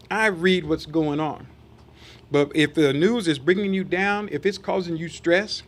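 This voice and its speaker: High voiced guy preaching, reads scripture then fires off questions at the room. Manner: acts out quoted voices in asides. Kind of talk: sermon.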